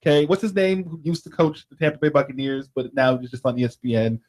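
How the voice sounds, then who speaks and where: A man's voice: mid-range voice, level tone, quick pace, darkish tone. A man co-hosting a sports talk radio show, ranting playfully and laughing often. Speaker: radio co-host.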